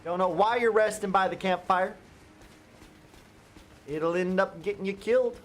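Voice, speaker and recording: A man giving chatty live gameplay commentary as a streamer, talking straight to his viewers and breaking into excited outbursts. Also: high voice, a little slow, soft background music. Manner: chatty, addresses viewers directly. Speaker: gaming streamer.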